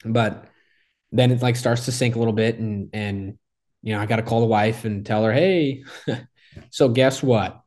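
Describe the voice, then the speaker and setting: A man telling the story of his hole in one in a casual interview, talking excitedly and rambling with lots of "like" and restarts. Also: fairly low pitch, brisk.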